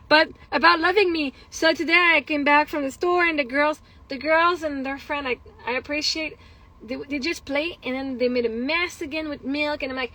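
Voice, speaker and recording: A woman's voice: high voice, moderate pace, bright, forceful tone, low-quality recording. A woman talking in a casual personal vlog, candid and rambling, venting frustration with swearing and laughter. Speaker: vlogger.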